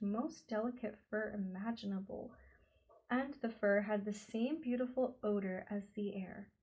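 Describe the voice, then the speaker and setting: A woman reading a novel aloud as an audiobook narrator, slow and expressive. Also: mid-range voice, rough recording. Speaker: audiobook reader. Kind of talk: scripted storybook narration.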